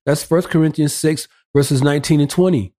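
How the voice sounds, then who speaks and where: A man's voice: fairly high pitch, steady tone, fairly quick, dark tone. A man preaching emphatically on a talk show, citing scripture references and pressing rhetorical questions in a repetitive cadence. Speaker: pastor guest.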